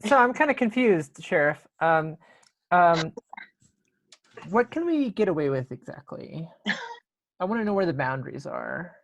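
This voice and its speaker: A woman's voice: fairly low pitch, sing-song, a little slow, vocal fry, long pauses, slight background noise. A woman playing a tabletop game over a video call, talking casually and hesitantly. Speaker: player.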